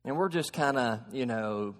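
A man preaching a sermon to a congregation, shifting from soft explaining to loud, emphatic preaching and asking them questions. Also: mid-range voice, animated, moderate pace. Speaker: pastor. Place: church sanctuary. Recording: long hall reverb.

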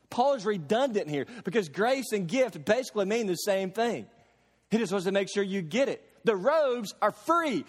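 A man's voice: sits high, lively intonation. Man preaching in a reverberant hall. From Kentucky. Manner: emphatic preaching with slow stressed phrases and homely examples. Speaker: pastor. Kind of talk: sermon.

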